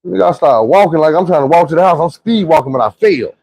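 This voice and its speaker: A man's voice: on the high side, animated, fast, no echo, poor audio. A young man telling a profane, vivid personal story in a casual monologue. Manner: vivid, profane retelling with shouted quotes.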